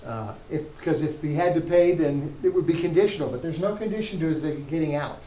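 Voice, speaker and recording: Man, professor, lecturing, emphatic, fairly high voice, echoey classroom. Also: brisk, warm tone, a little hiss or hum. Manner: explanatory, emphatic, with frequent restarts. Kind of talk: university lecture.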